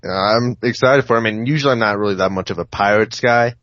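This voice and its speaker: Hesitant low-voiced podcast co-host, man. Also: quick pace, no room sound. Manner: hesitant, full of fillers like "you know". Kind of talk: casual chat. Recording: dry, dull lo-fi sound.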